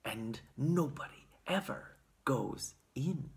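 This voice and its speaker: A storybook reader voicing Grandpa Joe, a kindly old grandfather who tells secrets in hushed, conspiratorial tones. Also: medium pitch, sing-song, measured pace.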